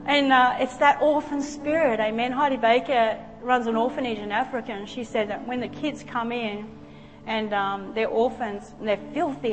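Higher-voiced woman preaching in an echoing church. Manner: earnest, emotional storyteller. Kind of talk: sermon with personal storytelling. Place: church sanctuary. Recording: long hall reverb with faint music.

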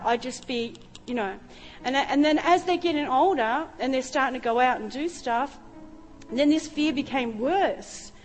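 High-voiced woman preaching. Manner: emotional storytelling. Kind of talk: sermon testimony. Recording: reverberant hall with faint music.

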